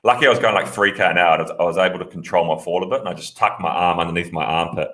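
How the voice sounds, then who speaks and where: A man's voice: low-pitched, racing, fairly bright tone. A man cohosting a casual podcast, laid-back as he steers the show along. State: training with a broken wrist. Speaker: podcast co-host. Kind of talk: casual chat.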